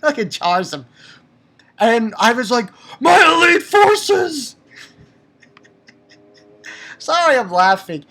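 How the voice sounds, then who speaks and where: A man giving a casual, excitable spoken review of a manga chapter, swearing and repeating himself for emphasis. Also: very high voice. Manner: excitable, profane, laughs often; repetitive, emphatic.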